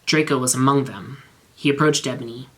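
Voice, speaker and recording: A man reading bad fan fiction aloud in a measured, straight-faced narration. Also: medium pitch, steady tone, fairly bright tone.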